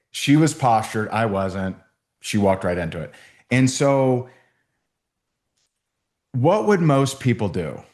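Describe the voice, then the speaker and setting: A man's voice: lowish voice, a little mellow. A man giving a sales training talk, telling stories and acting out both sides of phone calls.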